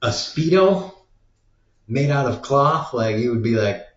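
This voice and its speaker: A vlogger talks in a casual, rambling monologue, leaning heavily on "like" as filler. He is animated but unhurried, with a mid-range voice, recorded in an echoey room with dull lo-fi sound.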